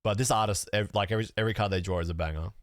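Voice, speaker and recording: A man's voice: lowish voice, rapid-fire, dry recording, clean studio sound. A young man streaming from home, chatting casually with lots of fillers, swearing and rambling as he sorts his cards. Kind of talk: casual live-stream chat.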